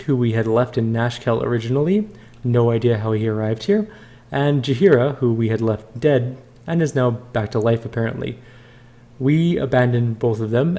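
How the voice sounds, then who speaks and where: A man's voice: mid-range voice, dark tone. A man hosting a let's play, giving casual game commentary with wry asides and reading the dialogue aloud.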